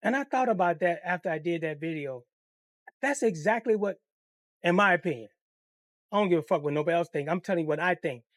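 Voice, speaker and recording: Speaking briskly in a high register, this channel host spins a casual storytime about his own life, full of swearing and impressions of the people he mentions. His manner is animated and profane. The sound is clean studio audio without any room around it.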